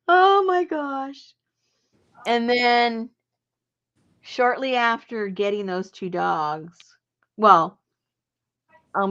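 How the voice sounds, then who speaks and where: A woman's voice: deep voice, creaky. A woman host telling a personal story in a chatty, rambling way, laughing often. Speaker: journaling channel host. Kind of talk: casual storytelling. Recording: dull lo-fi recording.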